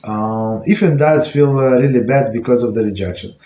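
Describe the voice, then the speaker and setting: Guy teaching a relaxed class, lots of uhs and restarts, echoey room, bit of hiss. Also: medium pitch. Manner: halting, many fillers and restarts. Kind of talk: informal Torah lesson. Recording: echoey room with faint noise.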